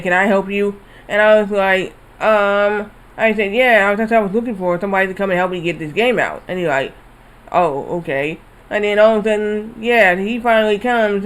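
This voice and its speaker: A man streams a video game while telling a rambling, animated story sprinkled with casual swearing. His voice sits high and smooth, though the recording quality is low.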